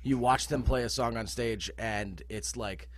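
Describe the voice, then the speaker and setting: Casting: male musician guest, animated, swears freely, easygoing video-call chat. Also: mid-range voice, unhurried, slight background noise. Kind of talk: casual podcast chat.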